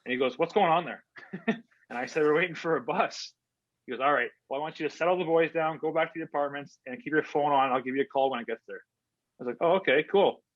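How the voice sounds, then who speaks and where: A man's voice: on the high side, fast talker, no room sound. A man from Canada, a hockey player guest, telling stories casually with lots of fillers and replayed conversations. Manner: chatty, filler-heavy, replays conversations in quotes. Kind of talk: casual storytelling interview. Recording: dull, dry lo-fi sound.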